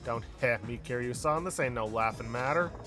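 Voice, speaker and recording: A man's voice: medium pitch, fairly quick, fairly bright tone, faint music behind, natural voice. A man reading the lines of a brash young female hostess, blunt and slangy. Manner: blunt, slangy, tough-talking.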